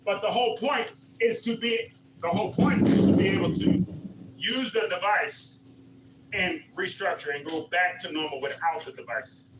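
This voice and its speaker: A man's voice: sits high, moderate pace, echoey room, distant mic, very noisy. A man leading a senior exercise class, counting reps and coaching encouragingly. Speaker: senior fitness instructor. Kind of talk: live exercise class instruction. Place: community center exercise room.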